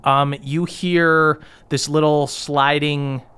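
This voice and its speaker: A man running a tabletop game as game master, narrating in a relaxed way with many fillers. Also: fairly high pitch, slow, clear, resonant tone.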